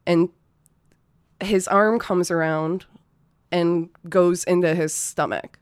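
A woman, a former restaurant server, tells a personal story from that job in a loose, casual, profane way, peppered with fillers like "you know" and "like" and nervous laughs. Her voice is lowish, steady and smooth, slow-paced, in studio quality with no room sound.

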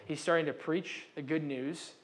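A man's voice: a little high, steady tone, moderate pace. Chatty young male preacher. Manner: conversational, self-interrupting, acts out quotes. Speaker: pastor. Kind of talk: casual sermon.

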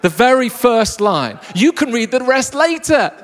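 A man preaching a lively, jokey sermon to a live congregation. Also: very high voice, measured pace. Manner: enthusiastic, jokey storyteller. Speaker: pastor. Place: church hall with a live congregation. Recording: long reverb of a large hall.

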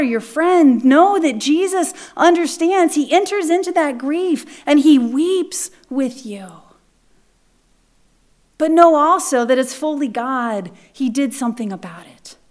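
A woman with a high voice preaching a sermon. She plays out the lines of the story with feeling and often drops to a hushed, near-whispered tone for the weighty parts. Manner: expressive, acts out the voices of the text, drops to a hush. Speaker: pastor.

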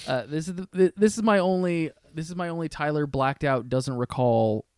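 Young male podcast guest, clear and smooth, lively storyteller who acts out voices, dry studio sound. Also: fairly high pitch, moderate pace, no echo. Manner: animated, acts out other people's lines in quotes. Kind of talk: casual storytelling.

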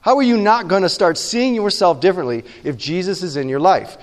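A pastor giving a conversational sermon, often checking in with the room with quick questions. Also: male voice, high voice, long reverb tail.

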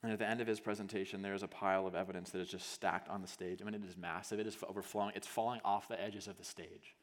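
A male pastor preaching a sermon as a vivid story, acting out scenes and swinging from hushed to loud, with lots of casual "like" fillers. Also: low voice, fairly even intonation, fast talker. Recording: long hall reverb.

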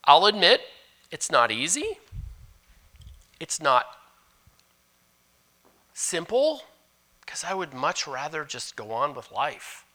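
Animated, bright-voiced male preacher. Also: a little high, slow, long pauses. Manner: animated preaching, switching between loud emphasis and hushed asides. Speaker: pastor. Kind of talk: sermon.

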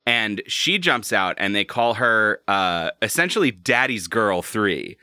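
A man hosting a casual podcast chat, animated and quick to laugh. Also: fairly low pitch, smooth, dry recording, studio quality. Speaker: podcast host.

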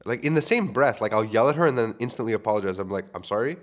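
A man's voice: lowish voice, expressive, rapid-fire. A man in his thirties hosting a solo podcast, talking in a candid, rambling, self-questioning way and swearing casually. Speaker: podcast host.

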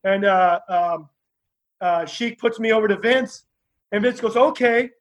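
A man telling lively stories as a guest, acting out the other people in his tales. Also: sits high, unhurried, low-quality recording. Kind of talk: animated anecdotal storytelling.

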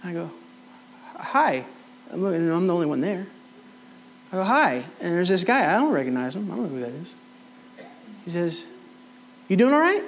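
A man's voice: high voice, very animated, normal speed, pauses often, slight background noise, poor audio. A middle-aged man preaching a sermon, telling a personal story and acting out both sides of the conversation. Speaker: pastor. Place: church hall.

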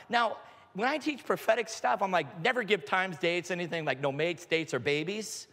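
A middle-aged man preaches with big energy, his fairly high voice leaping around as he acts out little scenes and stories. He sometimes breaks into a shout to drive a point home. The sound rings with the long reverb of a large hall. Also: a little fast. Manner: animated, acts out quotes with big pitch jumps, shouts. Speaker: pastor. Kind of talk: animated sermon with storytelling.

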